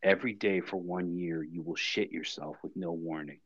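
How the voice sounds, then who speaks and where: A man co-hosting a podcast, telling a story in casual chat with a dry, deadpan manner. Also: deep voice, moderate pace, no echo, dull audio. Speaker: podcast co-host.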